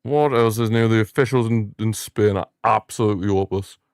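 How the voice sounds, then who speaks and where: A young man hosting a live football watchalong, giving excitable fan commentary and ranting at the referee. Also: on the low side, a little fast, smooth, dry recording, clean studio sound. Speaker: watchalong host.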